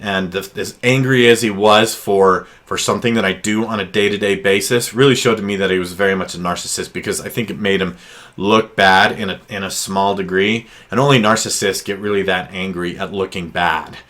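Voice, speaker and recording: A man talks through advice as a counselor in a loose, unscripted way. His voice sits somewhat low. He stumbles over fillers and restarts his sentences often. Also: steady tone, a little fast, fairly bright tone. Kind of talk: casual advice monologue.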